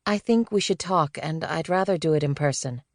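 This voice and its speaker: A woman's voice: deep voice, normal speed, no room sound, studio quality. A woman voicing a guarded young woman on the phone, with a clipped, cool way of speaking.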